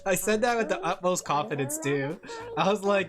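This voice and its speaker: A woman's voice: fairly low pitch, normal speed, a crowd in the background. A woman VTuber chatting casually with her viewers while she draws, giggly and talkative. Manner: giggly, chatty, talking to chat. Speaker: VTuber streamer. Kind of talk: casual livestream chat while drawing. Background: background music.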